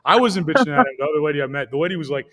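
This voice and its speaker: A man's voice: a little high, lively intonation, rapid-fire, fairly bright tone. A man hosting a comedy podcast, telling rambling, profane stories in casual chat. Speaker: podcast host.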